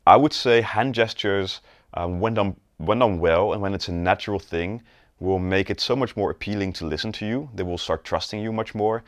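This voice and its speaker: In this clean studio recording with no echo, a male sales coach speaks at a moderate pace in a fairly low pitch. He teaches sales conversationally, frequently checking in with viewers while demonstrating gestures and postures.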